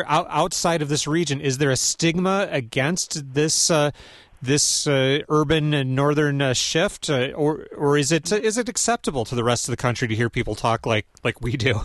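A man's voice: fairly high pitch, no room sound. A male radio host, asking questions in a conversational way with many fillers. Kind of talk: radio interview. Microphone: studio mic.

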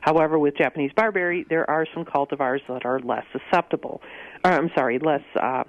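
A man's voice: on the high side, a little fast, dry recording. A man answering gardening questions on a call-in radio show, hesitant with many ums and dry asides. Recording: muffled radio broadcast audio.

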